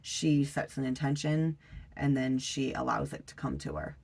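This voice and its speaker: A tarot reader giving a casual reading, unhurried and full of pauses and fillers, blunt and swearing now and then. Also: medium pitch, flat delivery, gravelly, darkish tone. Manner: loose and unhurried, frequent fillers and trailing pauses; blunt, with the odd swear word.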